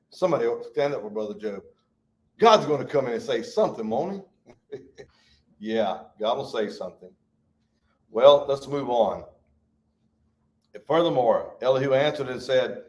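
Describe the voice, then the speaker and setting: A man's voice: mid-range voice, animated, normal speed, darkish tone. A man teaching a Bible study in a folksy way, reading verses and acting out the speakers in them. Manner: folksy, acts out quotes with shifting voice. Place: church.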